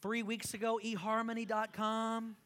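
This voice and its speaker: A man voicing a giddy young woman who gushes breathlessly about rushing into marriage. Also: sits high, completely flat delivery, fairly bright tone. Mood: gushing.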